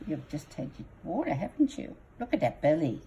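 An Australian woman talks playfully to a bat pup in her care. Her voice is low and gravelly, and its pitch swings widely. Faint hiss sits behind it. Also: sing-song, brisk, warm tone. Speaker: wildlife carer. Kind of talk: casual chat while caring for a bat.

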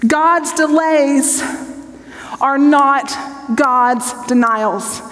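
Woman Bible teacher, forties, fairly high voice, candid testimony sermon, long hall reverb. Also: extremely slow, a bit bright. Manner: earnest and conversational, checks in with the audience. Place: large hall with an audience.

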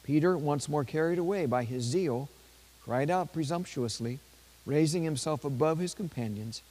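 A man reading a saint's life aloud during a church service, pausing to add brief spoken asides. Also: a little high, dark tone, poor audio. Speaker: priest.

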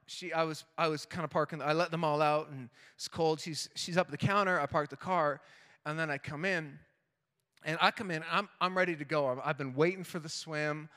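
A male pastor telling a self-mocking family story in an animated sermon, acting out the voices. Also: fairly high pitch, smooth, big-room sound. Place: church auditorium.

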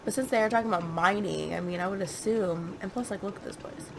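Woman gamer, chatty commentary, gravelly voice, noisy recording. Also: mid-range voice, fast talker. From United States. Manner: chatty, self-mocking, reads game notes aloud. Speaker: gaming channel host. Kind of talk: let's play commentary.

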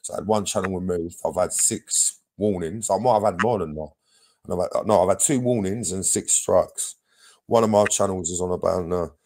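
Low gravelly sweary man. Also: moderate pace, darkish tone. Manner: blunt and sweary. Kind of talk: heated livestream chat.

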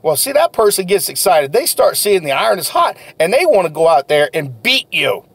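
Man, sales coach, folksy pep talk, gravelly texture, swooping lively pitch. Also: a little fast, no room sound. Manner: energetic, folksy, repeats key phrases. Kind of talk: motivational talk to camera.

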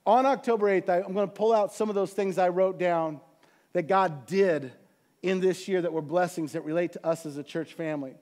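High-voiced pastor preaching with fervor. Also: male voice, fairly even intonation, a little fast, darkish tone. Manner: earnest, building to fervent preaching. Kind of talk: sermon.

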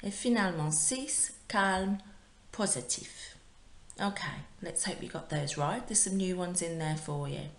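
This is a woman teaching a recorded lesson to pupils at home. Her voice sits low and she takes her time, spelling things out patiently and pausing for repetition. The sound bounces around a bare, echoey room. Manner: clear, patient, drills words for repetition. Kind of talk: recorded remote language lesson. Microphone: home recording for remote class.

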